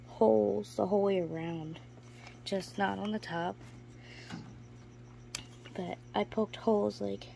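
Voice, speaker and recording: A woman's voice: vocal fry, mellow, a little hiss or hum. Chatty woman vlogging among her reptiles. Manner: chatty, switches to high baby talk with her pets. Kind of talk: casual vlog talk to camera. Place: indoors in a room full of reptile enclosures.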